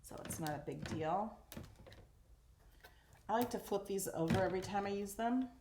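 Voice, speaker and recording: A woman hosting a casual craft tutorial, chatty and excitable as she talks through each step while working. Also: mid-range voice, normal speed. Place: craft room at home. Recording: echoey room, faint noise.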